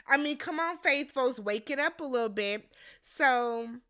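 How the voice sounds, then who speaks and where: Woman host recapping reality TV; high, sharp voice, sassy and unfiltered, does the cast's quotes in exaggerated voices. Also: expressive, unhurried, clear, resonant tone. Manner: blunt, sassy, swearing freely; acts out quotes with big pitch jumps. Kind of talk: casual recap commentary.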